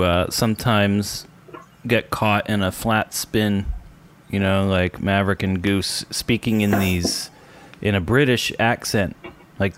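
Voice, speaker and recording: A man's voice: fairly low pitch, slight background noise. A man hosting a casual chat, cracking jokes and bantering with his guests. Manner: wisecracking, joking banter. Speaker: podcast host.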